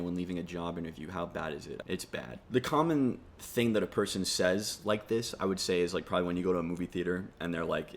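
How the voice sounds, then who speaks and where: A man's voice: low voice, fast, hardly any pauses. A young man giving rambling, sarcastic comedy commentary and swearing freely. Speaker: comedy YouTuber.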